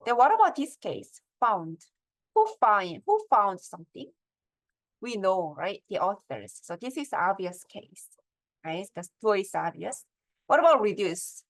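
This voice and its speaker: A woman's voice: medium pitch, very animated, unhurried. A middle-aged woman gives a step-by-step lecture on academic writing and keeps checking in with her audience through questions.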